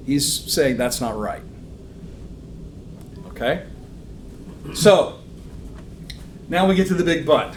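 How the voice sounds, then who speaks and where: Man, church Bible teacher, conversational, frequent ums, slightly high voice, roomy echo, faint background hum. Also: expressive, takes it slowly, long pauses. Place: church classroom with a live audience.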